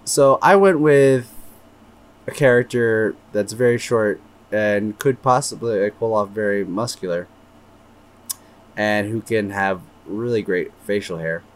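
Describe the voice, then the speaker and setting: A man's voice: lowish voice, measured pace. A man co-hosting a podcast in easygoing, agreeable casual chat with loose fillers. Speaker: podcast co-host.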